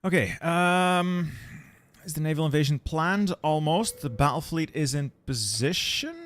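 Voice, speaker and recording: A young adult man with a voice on the high side streams a strategy game, speaking a little slowly. He thinks aloud in a relaxed way, repeating words as he plans his moves.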